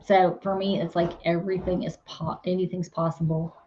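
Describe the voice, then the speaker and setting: A woman's voice: lowish voice, flat delivery, fairly quick, mellow, lo-fi sound, a little hiss or hum. A woman hosting her farm channel, chatting casually with viewers in a rambling, teasing way. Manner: chatty, rambling, laughs and teases. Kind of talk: casual live chat with viewers.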